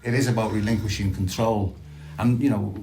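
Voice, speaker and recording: A middle-aged man, sharing reflectively and haltingly at a recovery meeting, with many restarts. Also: lowish voice, fairly even intonation, dark tone, a little hiss or hum. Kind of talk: personal sharing at a support meeting.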